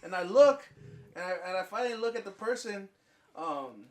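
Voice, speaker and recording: A man's voice: sits high, moderate pace. A young man on a casual podcast telling a crude story, swearing freely and acting out both sides of a conversation. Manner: profane, animated storyteller acting out dialogue. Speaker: podcast co-host.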